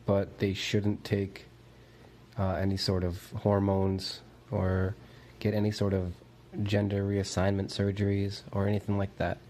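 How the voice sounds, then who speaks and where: A man calling in with a voicemail, giving his opinion in a measured, considered way. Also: fairly low pitch, completely flat delivery, warm tone, slight background noise. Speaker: voicemail caller.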